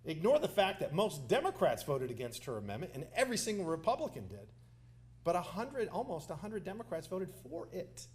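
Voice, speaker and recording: A man's voice: on the high side, big pitch swings, fairly quick, a little mellow. A man with a Texan accent, a politician giving a passionate, joking, folksy campaign speech full of anecdotes at a live forum. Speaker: politician speaking at a candidate forum. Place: civic center hall, live event.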